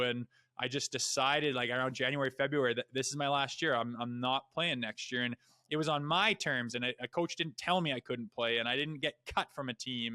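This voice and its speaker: A man's voice: mid-range voice, no room sound. A man talking as a podcast guest, a retired hockey player telling blunt, profane stories in casual chat. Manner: blunt and profane, with animated asides. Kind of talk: casual storytelling.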